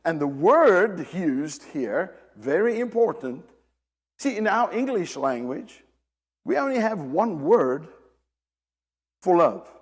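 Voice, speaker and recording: Lively high-voiced preacher in a hall. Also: male voice, slow, long pauses, slightly rough. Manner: emphatic, repeats and restarts phrases, addresses the congregation directly. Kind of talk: sermon.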